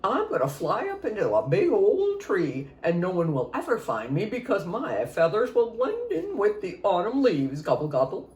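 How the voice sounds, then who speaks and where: A woman voicing a fretful male turkey who talks loudly and insistently and adds gobbles. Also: mid-range voice, wildly swooping pitch, normal speed, few pauses, voice pushed up. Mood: anxious, determined. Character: fretful male turkey with a bold escape plan. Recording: echoey room.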